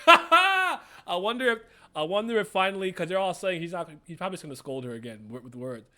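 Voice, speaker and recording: A man giving casual, slangy reaction commentary, excitable and laughing often, jumping into high yelps and exclamations. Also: rapid-fire. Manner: slangy and profane banter. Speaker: webcomic reaction host.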